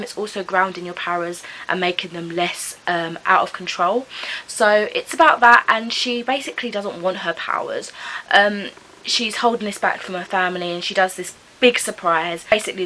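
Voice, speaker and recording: A young woman rambles cheerfully through a casual book review vlog, stacking up "like" and "kind of" as she goes. Her voice is bright and clear at a middling pitch, and she often second-guesses how to pronounce names. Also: slight background noise, rough recording. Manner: chatty, rambling, heavy use of "like" and "kind of"; hedging, unsure of name pronunciations. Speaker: book vlogger.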